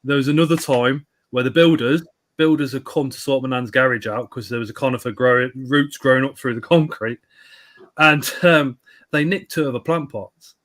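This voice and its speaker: A man's voice: medium pitch, moderate pace, fairly bright tone. A man in his thirties telling blunt, sweary anecdotes on a live stream. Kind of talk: casual storytelling chat.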